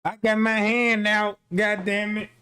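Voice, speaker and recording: A man's voice: high voice, little pitch movement, measured pace, bright, forceful tone, smooth. A man telling a rambling, profane comic story in slangy street talk, full of fillers like "you know what I'm saying".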